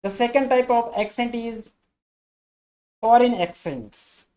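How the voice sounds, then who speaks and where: Slow, mellow Indian-English woman teaching. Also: fairly high pitch, rough recording. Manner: slow, deliberate, repeats each point in new words. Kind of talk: explanatory lesson.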